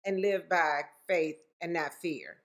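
A woman co-hosting a casual podcast chat, telling stories in a lively, animated way. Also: on the low side, slow pace. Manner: lively storytelling, animated exclamations. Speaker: podcast co-host.

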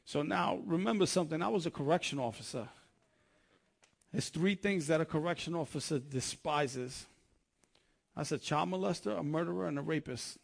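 A man's voice: a little high, normal speed, vocal fry. A man preaching a sermon, telling his testimony in an earnest, conversational way and often restarting his sentences.

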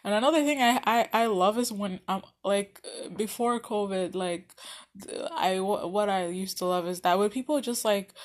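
A young woman casually telling a personal story, chatty and animated, with many fillers and restarts. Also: medium pitch, normal speed. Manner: animated, laughs often.

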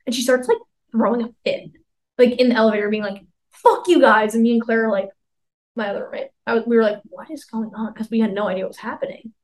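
On a low-quality recording, a podcast co-host in her twenties rambles through a casual story, leaning heavily on "like" and performing the quotes. Her fairly high voice is a little mellow and even in tone, and she speaks fast.

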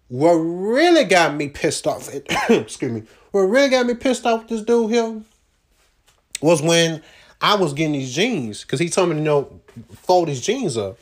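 A man's voice: fairly high pitch, sing-song, moderate pace. A man telling a loose, profane story about his jobs, full of slang and fillers, recorded without a proper microphone. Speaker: vlogger recounting his job search. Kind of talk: casual rambling storytelling.

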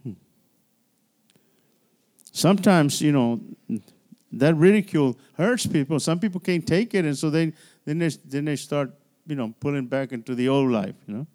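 A man's voice: a little high, animated, normal speed, long pauses, darkish tone. A man pastor preaching a midweek church sermon in a conversational style, with frequent restarts and call-and-response. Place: church sanctuary.

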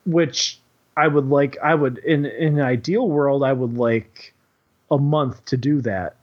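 In a mid-range voice at a measured pace, a male kindergarten teacher meanders through a story, profane and heavy on "like". The recording is dull and lo-fi.

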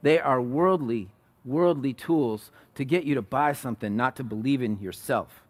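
A man preaching a sermon as pastor, conversational, rising to loud emphatic peaks and dropping to soft low asides. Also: normal speed, no echo.

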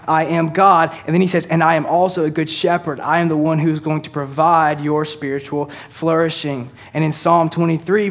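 A man preaching a sermon, speaking earnestly to his congregation and easing into slow, soft emphasis on key lines. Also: fairly high pitch. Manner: earnest preaching, addresses congregation as church and y'all. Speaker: pastor.

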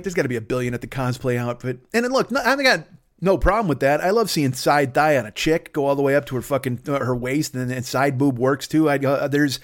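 A man riffing in a profane, rambling comedic rant on a podcast, slipping into silly voices. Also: on the high side. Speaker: podcast host.

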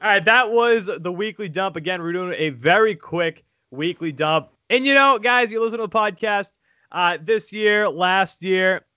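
Brief: male podcast host, high voice, crude and animated, dry lo-fi sound. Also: normal speed, smooth, no echo. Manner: animated, crude, laughing asides. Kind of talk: casual sports podcast chat. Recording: dull lo-fi audio.

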